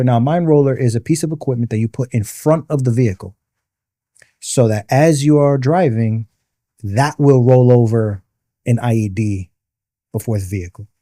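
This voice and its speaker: A man's voice: medium pitch, normal speed, dark tone, dry recording, studio quality. A man, a podcast guest and military veteran, telling a personal story in vivid detail and patiently explaining military terms. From the Bronx, New York.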